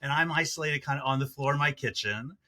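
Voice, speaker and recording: A man speaking as a podcast guest in casual interview talk, halting and reflective with many fillers. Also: mid-range voice, sharp tone.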